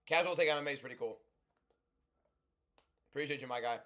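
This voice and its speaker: A young man hosting a livestream, talking loudly and chatting casually as he reads and answers viewer comments. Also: medium pitch, brisk. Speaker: livestream host.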